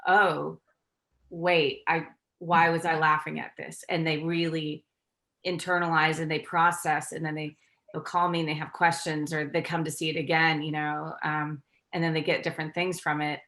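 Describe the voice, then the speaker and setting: A woman's voice: sits low, little pitch movement, moderate pace, fairly bright tone. A woman actress speaking earnestly on a video call, reflecting with frequent restarts. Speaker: actress, guest. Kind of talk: casual interview over video call.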